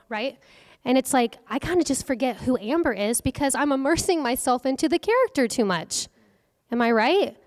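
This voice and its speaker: A woman's voice: fairly high pitch, darkish tone. A young adult woman giving an earnest, conversational workshop talk on faith and acting, often asking her audience questions. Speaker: workshop speaker. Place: event hall. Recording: long hall reverb.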